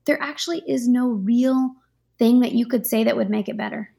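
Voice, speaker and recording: A woman, a guest author and life coach, explaining ideas in a relaxed, practical interview style with frequent fillers. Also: fairly high pitch, normal speed, creaky. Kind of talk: conversational interview.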